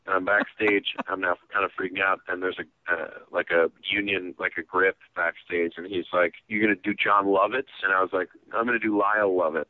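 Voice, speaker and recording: Deep-voiced guy on a tinny phone line, rambling funny stories, dry sound. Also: dry recording. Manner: rambling, self-deprecating, acts out quoted voices. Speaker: comedian guest. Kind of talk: casual interview storytelling.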